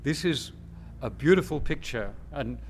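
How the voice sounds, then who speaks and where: Male preacher, unhurried emphatic delivery, mid-pitched voice, faint noise behind. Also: expressive. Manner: slow, measured, emphatic preaching with pauses. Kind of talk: sermon.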